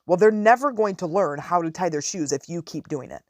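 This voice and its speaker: A woman's voice: on the low side, expressive, brisk, no echo. A middle-aged woman hosting a podcast, chatting casually and telling stories with asides. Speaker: podcast host. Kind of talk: casual advice talk.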